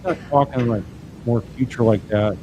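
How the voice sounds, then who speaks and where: A man's voice: mid-range voice, moderate pace, noisy background. A man commenting as an attorney on trial evidence, talking in a casual, wry, conversational way as he reads out messages and reacts.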